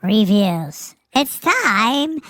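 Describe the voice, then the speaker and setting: A man putting on a creepy, high-pitched announcer voice that slowly drags out its words. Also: sing-song, pushed and bright, full character voice. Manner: slow, drawn-out singsong.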